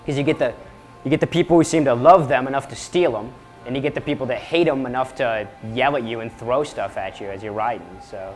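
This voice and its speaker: A man's voice: medium pitch, a little fast. Casting: conversational man in a casual interview, faint music behind. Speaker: moped club member.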